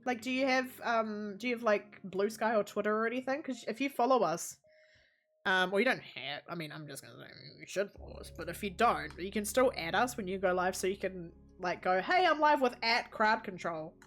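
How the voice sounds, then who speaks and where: A woman's voice: mid-range voice, brisk, a bit bright, faint music behind. A woman with a New Zealand accent streams a game from home, rambling and chatty and laughing often as she talks to her chat and her pets. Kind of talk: casual live-stream chatter while playing.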